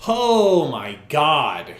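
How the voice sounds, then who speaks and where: A young man doing live fan play-by-play on a podcast stream, muttering then shouting as plays unfold, on a poor microphone. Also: on the high side, very slow, roomy sound. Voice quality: profane, partisan fan commentary. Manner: excitable, swings from muttering to shouting. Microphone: poor quality microphone.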